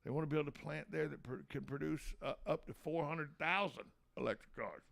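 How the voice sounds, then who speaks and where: A man's voice: on the high side, a little fast, vocal fry, fairly bright tone. A man hosting a local radio talk show, folksy, joking and opinionated.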